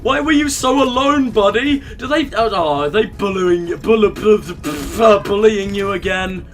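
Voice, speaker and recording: Unhurried but expressive, this young man narrates his gameplay in a high-sitting voice, cracking irreverent jokes and addressing the characters on screen. It's a casual let's-play with soft background music.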